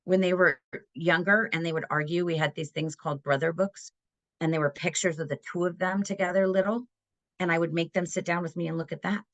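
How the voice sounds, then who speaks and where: A woman's voice: fairly low pitch, fairly even intonation, brisk, highs cut off. A middle-aged woman giving a parenting webinar, talking in an earnest, conversational way and often checking in with "right?". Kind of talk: webinar presentation.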